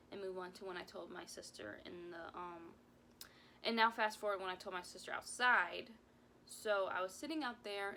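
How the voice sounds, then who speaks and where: Creaky-voiced young woman telling a story. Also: fairly low pitch, bright, forceful tone, a little hiss or hum. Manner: rambling and heartfelt, full of "like"s, close to tears at times. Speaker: mom vlogger. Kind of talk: casual story time vlog.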